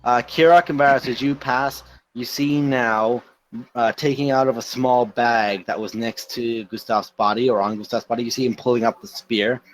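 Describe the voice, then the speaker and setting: A man's voice: mid-range voice, steady tone, moderate pace, slight background noise, poor audio. A man narrating as game master of a tabletop game, teasing his players.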